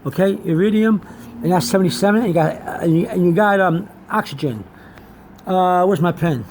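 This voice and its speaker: A man teaching an informal lesson on medical and chemical terms, pausing, repeating himself and spelling words out letter by letter. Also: high-pitched, a little mellow, slight background noise.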